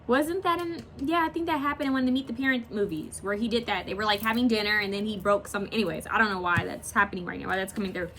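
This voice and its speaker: A woman giving a casual pick-a-picture card reading, chatty and rambling, often pausing to search aloud for a word. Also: mid-range voice, steady tone, pushed and bright, a little hiss or hum. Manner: swears and laughs casually while talking. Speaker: tarot card reader.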